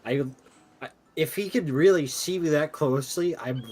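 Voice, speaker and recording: A man's voice: on the high side, darkish tone, breathy edge, poor audio. A man playing in a tabletop game, chatting casually and joking with the game master. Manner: playful, quick to joke. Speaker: player.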